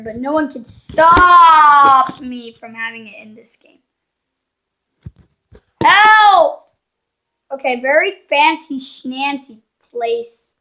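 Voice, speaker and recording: A woman with a high, pushed and bright voice hosts a gaming channel, giving casual let's-play commentary. She's playful and cheeky, teasing the characters on screen.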